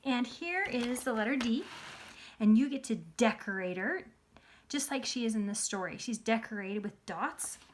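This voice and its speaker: A woman's voice: a little high, animated, normal speed. A woman teaching letters to young children in an upbeat, sing-song, coaxing way. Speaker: preschool teacher.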